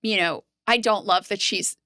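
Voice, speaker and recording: A woman co-hosting a podcast, recapping scenes in casual, animated chat with frequent "like". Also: medium pitch, normal speed, dry recording, studio quality. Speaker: podcast co-host.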